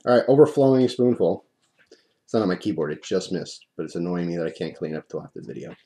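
Low-voiced man with a mellow tone. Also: fast talker. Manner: relaxed, chatty, rambling with restarts. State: mouth burning from hot sauce, drooling. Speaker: hot sauce reviewer. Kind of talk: casual video review. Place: at home at his desk.

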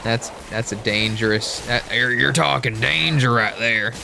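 A man's voice: medium pitch, measured pace, gravelly, background noise. A man co-hosting a gaming video, chatting casually and jokingly while he plays. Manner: goofy, jokey, bursts into loud silly voices. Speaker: gaming channel co-host. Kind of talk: casual let's-play chat.

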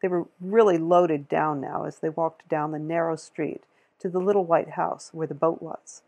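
A woman reading a novel aloud in a steady, measured way, with a gravelly, husky voice. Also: low voice. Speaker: audiobook reader.

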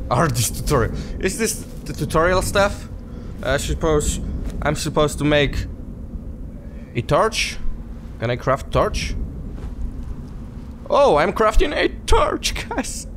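Excitable let's player, very lively pitch, slow delivery. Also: male voice, slight background noise. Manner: excitable, laughing, talks to viewers as guys. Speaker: gaming youtuber. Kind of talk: casual let's play commentary.

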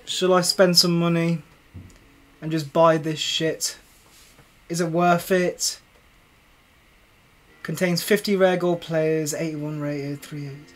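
Talking to himself while streaming a game, a young man curses and rants in frustration as he comments casually. His voice is a little high and fairly flat, slow, with frequent pauses.

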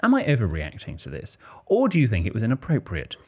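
A British man co-hosts a casual podcast and reads listener letters with lively ups and downs in his voice. His voice sits on the low side and has a husky edge. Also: quick pace. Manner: animated, laughs while reading. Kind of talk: casual chat, reading letters aloud.

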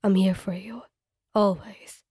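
A woman voicing a protective young male hero who murmurs softly and reassuringly in a fanfic audio role-play. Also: steady tone, a little slow, husky, no room sound, studio quality. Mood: soothing. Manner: low soft reassuring murmur.

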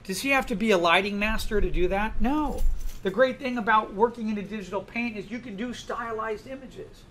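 A man teaching a class in a classroom, lively and full of questions to the students. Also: high voice, brisk, a little hiss or hum. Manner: animated, asks the class many questions. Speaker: art instructor. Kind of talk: classroom lecture.

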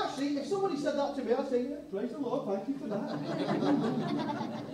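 A man's voice: extremely high pitch, animated, moderate pace, pauses often, a crowd in the background. A man preaching a sermon, telling a story and acting out the people in it. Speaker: pastor. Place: church hall. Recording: echoey church hall, mic far off.

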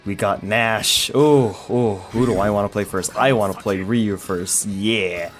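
A man giving excitable gameplay commentary while he plays a fighting game. He swears a lot, shouts, and groans as the match goes on. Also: fairly low pitch, measured pace. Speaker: gamer playing a fighting game.

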